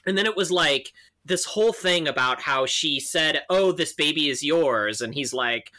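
A man co-hosting a podcast, telling a story in a relaxed, casual way and laughing easily. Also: fairly high pitch, moderate pace. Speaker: podcast co-host. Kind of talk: casual chat.

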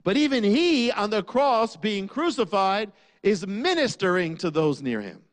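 A man preaching a sermon, asking rhetorical questions and dropping low on key lines. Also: very animated, measured pace.

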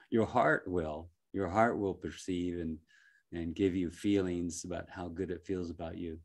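A man working as a life coach, giving a gentle, reflective motivational talk with frequent soft chuckles and halting restarts. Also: deep voice, flat delivery.

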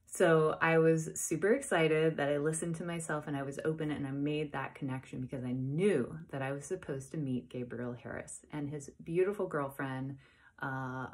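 Woman with a pretty low voice, podcast host, rambling excited story time, lots of "i was like". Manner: chatty, excitable, retells dialogue with many "I was like". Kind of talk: casual personal storytelling.

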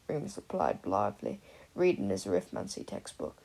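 Husky woman reading an audiobook. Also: low voice, fairly quick. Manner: steady storytelling. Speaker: audiobook reader. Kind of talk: audiobook narration.

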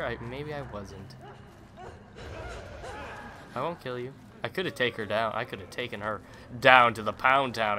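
A young man hosting a let's play, giving playful, joking commentary with sudden loud outbursts as he plays. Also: lowish voice, slight background noise. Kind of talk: gameplay commentary.

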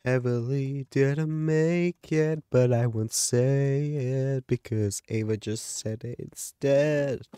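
An excitable man chats through a gameplay session, with plenty of gasps and yelps. He talks at an unhurried pace, and his voice sounds close and dry with no room echo. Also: medium pitch, clear, resonant tone. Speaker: gaming YouTuber. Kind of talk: casual gameplay commentary.

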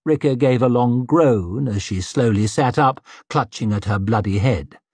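A man narrating an audiobook in a measured storytelling manner, voice slightly husky. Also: mid-range voice, darkish tone, dry recording. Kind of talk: scripted narration.

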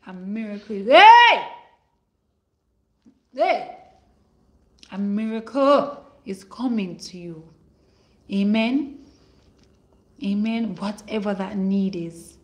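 Woman minister on a live stream, slow unhurried delivery, calling out names and praying, prophetic. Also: medium pitch. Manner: slow and warm, calling out viewers' names and blessing them; preachy, prophetic declarations. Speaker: online minister hosting a livestream. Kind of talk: livestream greetings and prayer.

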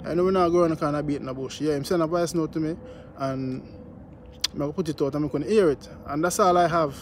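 A man's voice: on the high side, brisk, slight background noise. A man with a Jamaican accent giving casual commentary on his vlog, repeating himself and often asking "you know what I mean". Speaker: news vlogger.

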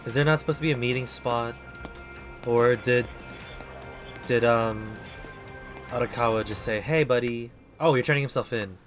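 A man's voice: medium pitch, steady tone, normal speed, pauses often, fairly bright tone, soft background music. A man streaming a video game, rambling in casual commentary and putting himself down. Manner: rambling, self-deprecating.

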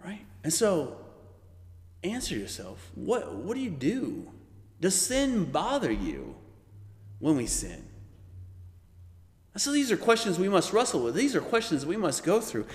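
A man leading a Bible study, teaching with animated delivery and often checking in with "right?". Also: high-pitched, unhurried, pauses often, in a large hall. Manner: animated, acts out quoted voices, frequent "right?".

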